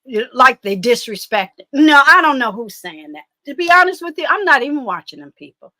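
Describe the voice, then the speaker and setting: High, bright-voiced woman, blunt and animated. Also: fairly quick, no room sound. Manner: blunt, animated, profane streaming talk. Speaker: guest commentator. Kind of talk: casual chat.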